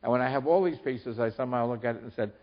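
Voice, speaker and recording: An older man, an author, giving a lecture talk in a hall, halting and restarting as he speaks. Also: medium pitch, highs cut off.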